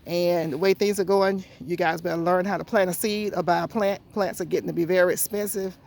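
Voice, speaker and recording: A gardening vlogger giving a casual, rambling walking tour of a garden outdoors, out of breath and pausing to recall plant names. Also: medium pitch, steady tone, creaky, a little mellow.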